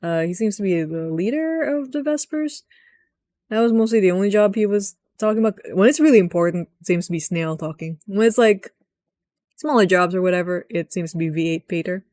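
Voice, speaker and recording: A woman's voice: mid-range voice, brisk, a little mellow, no echo, clean studio sound. A woman casually recapping a video game's story, chatty and rambling, who acts out the lines she quotes. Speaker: gaming video host.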